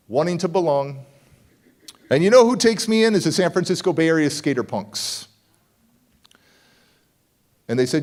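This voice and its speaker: Animated man telling a story on stage. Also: measured pace, long pauses. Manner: animated, acts out quoted voices with big pitch jumps. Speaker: motivational speaker. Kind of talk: energetic storytelling keynote. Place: conference hall stage.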